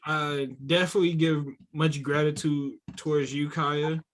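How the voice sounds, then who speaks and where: A man co-hosting a podcast, speaking in a laid-back, drawn-out way. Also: fairly high pitch, flat delivery. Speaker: podcast co-host. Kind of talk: casual chat.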